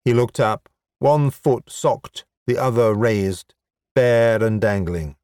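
Slow, wry male audiobook narrator. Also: on the low side, a little mellow, smooth, dry recording, clean studio sound. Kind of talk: scripted narration.

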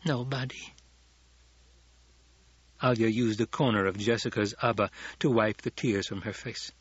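A male audiobook narrator with a husky, slightly breathy voice at a middling pitch, reading calmly and evenly. The sound is dull and lo-fi, with a dry, close feel. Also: a little fast, dry recording. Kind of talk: scripted narration.

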